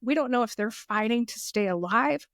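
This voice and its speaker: A woman's voice: a little high, animated, normal speed, a bit bright, no room sound, clean studio sound. Earnest woman telling heartfelt stories. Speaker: guest, foundation leader. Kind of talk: podcast interview.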